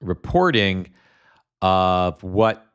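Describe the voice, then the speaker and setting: A man's voice: sits low, very animated, extremely slow, clear, resonant tone. A middle-aged man from New Jersey hosting a political livestream, ranting in a casual, profane way with many restarts and fillers, and reading chat comments aloud.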